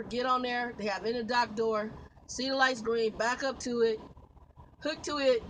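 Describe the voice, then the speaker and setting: A woman's voice: a little high, pushed and bright, slight background noise, poor audio. A woman truck driver, telling a long story vlog-style, exasperated, swearing and laughing as she vents. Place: inside a truck.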